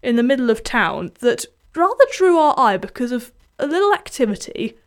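A young woman presents her music radio show in a loose, chatty way. Her voice sits a little high, and she rambles happily and pokes fun at herself as she introduces listener picks and songs. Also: very animated, moderate pace. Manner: chatty, self-deprecating, erratic.

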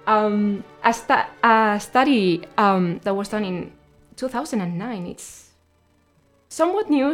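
A young woman hosting a radio show, chatting casually and sharing facts between songs. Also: medium pitch. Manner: chatty, explaining facts informally.

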